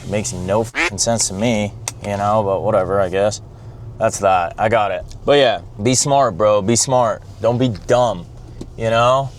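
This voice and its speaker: A man's voice: fairly low pitch, measured pace, slight background noise. A young man chatting casually in a car vlog, blunt and rambling, full of swearing and "bro". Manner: blunt, profane, rambling, says bro a lot. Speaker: vlogger. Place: in a car, driving.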